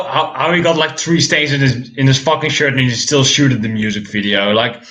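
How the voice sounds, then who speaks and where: A man reviewing music in casual commentary, with a voice of ordinary middle pitch. He rants and curses freely, stumbling over and repeating his words as he goes. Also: moderate pace, hardly any pauses, pushed and bright. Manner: profane, ranting, frequent stammered restarts. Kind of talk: casual reaction commentary on songs.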